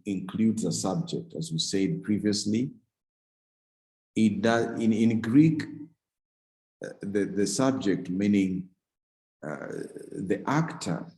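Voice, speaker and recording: A man's voice: on the low side, a little mellow, reverberant, rough recording. A man teaching a Greek grammar class, explaining step by step and often restarting and correcting himself. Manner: explains slowly, with frequent restarts and self-corrections. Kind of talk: classroom lecture.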